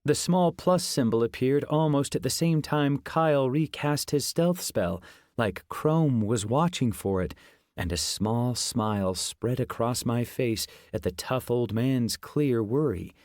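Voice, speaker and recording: A man narrating a fantasy audiobook in the first person. His storytelling is steady and even, in a middle pitch. The recording is dry and close. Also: a little slow, dry recording.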